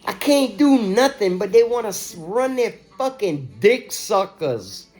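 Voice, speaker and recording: A man's voice: high-pitched, sing-song, a little slow, darkish tone. Worked-up guy venting to camera, cursing, keeps circling back, bit of music in the background. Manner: agitated, profane, repetitive. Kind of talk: ranting monologue to camera.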